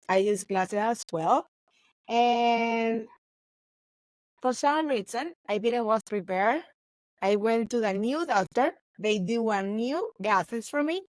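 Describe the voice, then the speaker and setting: A woman, a baker chatting in an interview, animated and laughing often. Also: a little high, no room sound, low-quality recording. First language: Spanish. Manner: animated, laughs often, non-native grammar. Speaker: baker and guest. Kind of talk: casual interview chat.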